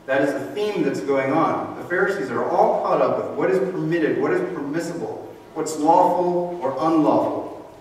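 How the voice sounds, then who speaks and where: Conversational preacher in an echoey church. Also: male voice, a little high, normal speed, darkish tone. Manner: conversational, explanatory, acts out quoted voices. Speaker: pastor. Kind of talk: sermon. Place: church sanctuary. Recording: roomy echo from a distant mic with faint noise.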